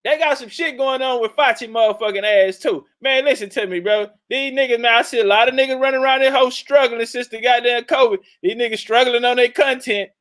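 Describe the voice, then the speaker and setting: A man hosting a casual livestream, loudly and profanely shouting out viewers and joking with his chat. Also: extremely high pitch, a little fast, hardly any pauses, rough recording. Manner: loud, profane, hyped-up banter with chat. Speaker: livestream host.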